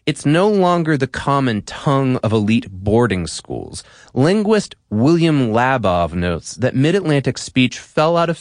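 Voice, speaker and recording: A man's voice: mid-range voice, no echo, studio quality. A man hosting an explainer podcast, reading a playful scripted narration. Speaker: podcast host.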